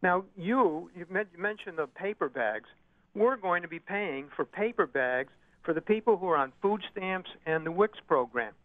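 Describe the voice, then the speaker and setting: Halting, indignant radio caller, slightly high voice, heard through a thin phone line. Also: male voice, lively intonation, dry recording. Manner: halting, full of uhs, indignant. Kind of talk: phone-in call. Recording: tinny, dry phone line.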